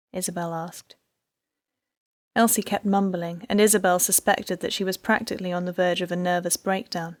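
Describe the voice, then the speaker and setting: A woman reading an audiobook in scripted narration, measured and even. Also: fairly low pitch, no room sound.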